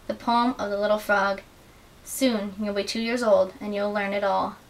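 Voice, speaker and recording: Young woman reading a story out loud, earnest and steady, kinda far from the mic w/ some hiss. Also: medium pitch, normal speed. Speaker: student reader. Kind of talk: dramatic reading of literary excerpts. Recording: distant mic with faint hiss.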